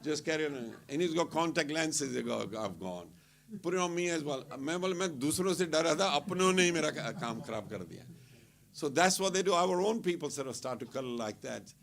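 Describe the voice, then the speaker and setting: A man's voice: fairly high pitch, fast talker, gravelly. A man telling funny travel stories at a temple gathering, laughing often and acting out what people said. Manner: animated, laughing anecdotes with acted-out quotes. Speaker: temple speaker. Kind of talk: casual storytelling talk.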